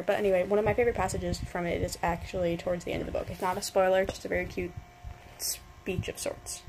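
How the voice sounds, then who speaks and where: A woman's voice: mid-range voice, vocal fry, a little mellow, a little hiss or hum, rough recording. A woman in her twenties from New York, gushing about a book in a rambling casual review with restarts and casual swearing. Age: 20s.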